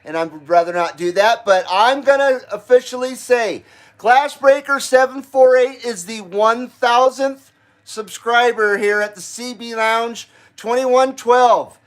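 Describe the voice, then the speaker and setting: A breathless, excitable man chats on his own live stream, his voice sitting high for a man. He talks in an unhurried, drawn-out way and swears freely between laughs. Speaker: channel host. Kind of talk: casual live stream chat.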